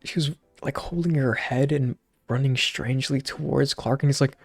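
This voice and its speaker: A man's voice: medium pitch, steady tone, moderate pace, creaky, no echo. A young man casually recapping a movie, rambling with lots of slang and fillers. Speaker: channel host.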